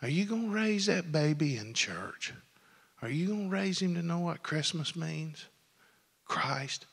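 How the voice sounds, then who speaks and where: A preacher man with a high, bright voice tells homespun stories from the pulpit, then rises into loud, fervent preaching. His words ring out with a long reverb in a church sanctuary. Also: expressive, measured pace, gravelly, slightly rough. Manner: folksy storytelling, builds to loud preaching. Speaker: pastor. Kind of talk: sermon.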